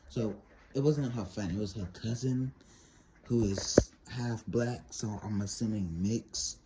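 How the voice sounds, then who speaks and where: Teen boy, casual storytelling, animated, unhurried, slightly low voice. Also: background noise. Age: teens. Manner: animated, rambling, laughs often. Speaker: vlogger.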